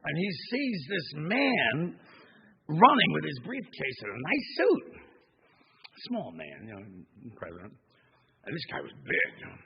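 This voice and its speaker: A male minister giving a sermon, telling a folksy story with animated delivery in a church. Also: on the high side, unhurried, gravelly, muffled recording, slight background noise. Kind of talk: sermon with a joke. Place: church sanctuary.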